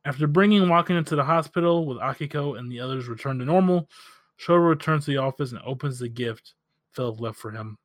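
A man's voice: medium pitch, fast talker, dry recording. A man co-hosting a podcast, recapping a show episode and chatting casually about it. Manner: relaxed, recaps plots then chats. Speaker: podcast co-host.

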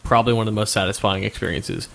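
Fast-talking, laughing podcast guest. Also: male voice, lowish voice, vocal fry, over a noisy crowd. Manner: laughs often, enthusiastic. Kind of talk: casual chat.

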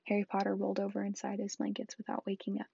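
Soft-spoken woman reading a storybook aloud. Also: mid-range voice, monotone, fast talker, vocal fry, dull audio, slight background noise. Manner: soft, often whispered reading. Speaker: book reader.

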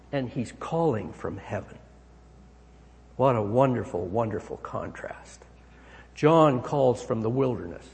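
A man preaching a sermon as pastor, emphatic, swinging his pitch and volume. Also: vocal fry. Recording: long hall reverb.

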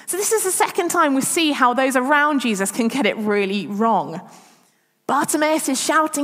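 A woman's voice: high voice, animated, moderate pace, a bit bright. A woman giving a chatty, self-deprecating church talk as preacher. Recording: long reverb of a church hall.

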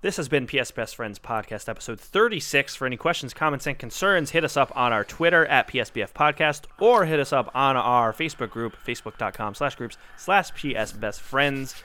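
A young man hosting a casual gaming podcast, chatty and quick, swearing now and then. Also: mid-range voice, animated, bright, forceful tone. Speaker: podcast host. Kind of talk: casual chat.

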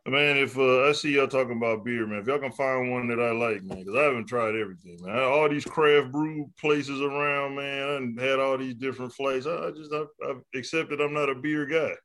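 A man's voice: medium pitch, steady tone, fairly quick, hardly any pauses, a bit bright. A man, a financial advisor, is a guest on a casual podcast and talks in an easygoing, joking way. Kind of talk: casual chat.

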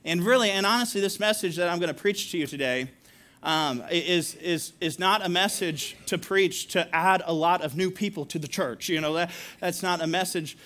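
Guy pastor, kinda high voice, chatty sermon w laughs and asides to the crowd. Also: normal speed. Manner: storytelling, laughing, animated asides to congregation.

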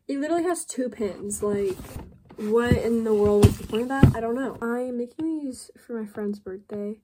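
A woman's voice: a little high, background noise. A woman chatting casually to her viewers while making bracelets, rambling with lots of fillers and self-deprecating asides. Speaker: vlogger. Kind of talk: casual vlog chat while crafting.

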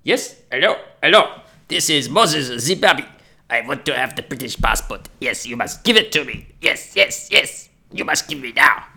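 A loud, pushy male caller on the phone, repeating his demands again and again, put on by a man mid-rant. The voice swoops up and down and keeps a gravelly edge. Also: medium pitch, animated, normal speed, heavily acted. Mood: demanding. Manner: insistent, repetitive demands.

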